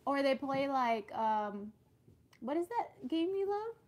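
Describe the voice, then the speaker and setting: A woman co-hosts a family livestream, teasing her husband and nudging him on. Her voice is high and swings widely up and down. She talks in a loose, casual way. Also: very animated, slow, a little mellow. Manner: laughing, teasing prompts. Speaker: host's wife, co-host.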